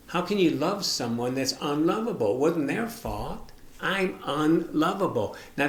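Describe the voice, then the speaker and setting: Earnest middle-aged man in a roomy space. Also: medium pitch. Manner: earnest, confessional, addresses the listener directly. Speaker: minister and author. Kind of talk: personal teaching talk. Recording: roomy echo.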